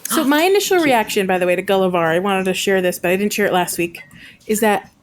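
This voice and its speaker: A woman's voice: mid-range voice, expressive, fast, noisy background. A woman co-hosting a podcast, chatting casually with dry, joking complaints about a game. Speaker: podcast co-host.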